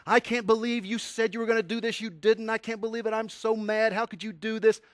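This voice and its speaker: A man's voice: sits high, flat delivery, fairly quick, no room sound, clean studio sound, pitched above the performer's own voice, close to an everyday voice. A man acting out an angry teenage boy, ranting indignantly at his mother in a raised voice. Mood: furious. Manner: shouting, indignant rant.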